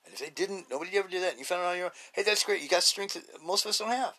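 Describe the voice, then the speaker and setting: A man's voice: high voice, racing, bright, forceful tone. A middle-aged man hosting a podcast, talking in a blunt, rambling casual monologue full of fillers and restarts. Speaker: podcast host.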